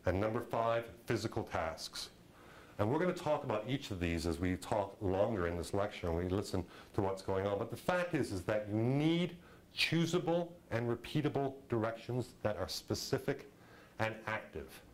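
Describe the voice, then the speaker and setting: A man giving a lively lecture on film directing, chatty and full of "you know" and "okay", acting out audience reactions with sudden jumps in his voice. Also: fairly low pitch, moderate pace, low-quality recording. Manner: animated, acts out audience reactions in a raised voice.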